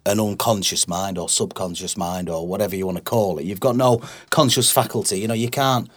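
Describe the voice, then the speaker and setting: A man's voice: sits low, fairly quick. A man chatting casually as a guest, jokey and rambling with many restarts. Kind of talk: casual chat.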